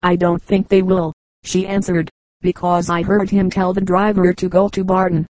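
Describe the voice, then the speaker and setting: An earnest, well-spoken young girl, kind and eager to help, read by a woman. The voice sits low and stays flat, with little rise or fall. The sound is dry and close. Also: moderate pace, no echo, close to an everyday voice, poor audio.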